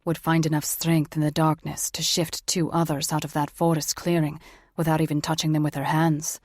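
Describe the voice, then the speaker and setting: Woman voicing a gruff male warrior, low and growly, dry booth sound. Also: flat delivery, normal speed, darkish tone, dry recording.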